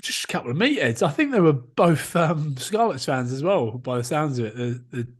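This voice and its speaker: A man's voice: on the high side, sing-song, moderate pace, husky. A man in his thirties, a rugby player co-hosting a podcast, telling jokey self-mocking stories in casual chat.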